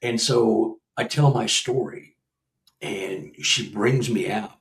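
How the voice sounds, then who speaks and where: A researcher and author in his sixties, appearing as a guest, tells a personal story in casual conversation, animated and laughing as he acts out what people said. His lowish voice moves slowly, and the rough recording sounds roomy and far from the mic.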